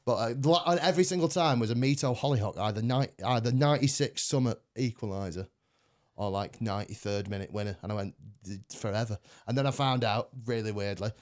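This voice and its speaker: A man in a mid-pitched voice hosts a loose podcast chat. He rambles through stories, swears freely and keeps breaking into laughter. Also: fast talker. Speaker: podcast host.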